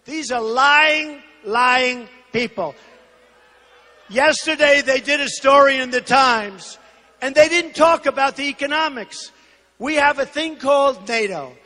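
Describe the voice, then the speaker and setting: Older man on the stump: sharp, forceful tone, emphatic and repetitive, booming through a big reverberant hall. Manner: emphatic, repetitive, punchy phrasing; shouts some lines. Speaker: political candidate. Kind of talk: campaign rally speech. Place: large rally venue. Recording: long reverb of a large hall.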